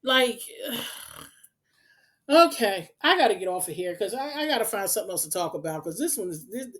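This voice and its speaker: A woman's voice: mid-range voice, sing-song, moderate pace, a bit bright. A woman hosts an unedited commentary vlog, talking straight to her viewers in an exasperated, emphatic and repetitive way. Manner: direct address to the audience. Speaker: channel host.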